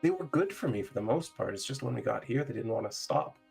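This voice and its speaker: A man's voice: mid-range voice, lively intonation, fast talker, vocal fry, darkish tone, faint music behind. A man voicing a weary woman caravan driver. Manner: sighing, tired, brushing off sadness. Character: weary female caravan driver with sore arms.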